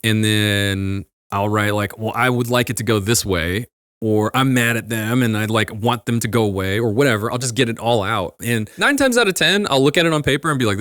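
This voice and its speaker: A man's voice: lowish voice, fairly quick, a bit bright, dry recording, studio quality. A man in his thirties, a podcast host, giving casual advice in an earnest, rambling way with many restarts.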